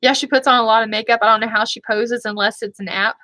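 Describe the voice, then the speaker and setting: Chatty, apologetic woman vlogger, bright voice. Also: fairly high pitch, steady tone, fast talker, no echo. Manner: chatty, rambling, often apologetic. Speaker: beauty vlogger. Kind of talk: casual chat.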